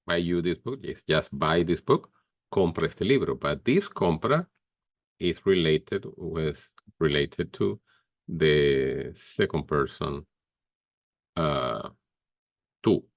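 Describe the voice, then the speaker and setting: Slow, deep-voiced male teacher. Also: expressive, creaky, no room sound. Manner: slow, careful explaining with pauses and fillers. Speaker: Spanish teacher. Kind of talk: grammar lesson.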